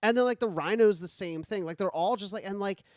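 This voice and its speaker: Rambling casually on a comedy podcast, a male co-host fills his talk with lots of fillers and stays animated. His voice sits high and brisk, picked up dry on a close studio mic.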